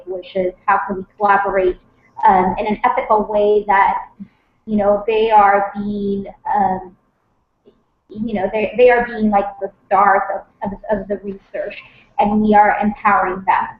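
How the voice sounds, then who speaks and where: A woman from Puerto Rico, a physician guest, chatting eagerly on a video call with many fillers and restarts. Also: mid-range voice. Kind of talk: casual video-call chat. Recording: roomy, dull lo-fi audio.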